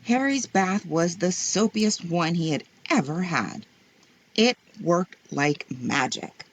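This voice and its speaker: A woman reading children's stories aloud in a slow, gentle, expressive way. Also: on the low side. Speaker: storyteller. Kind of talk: children's story read-aloud.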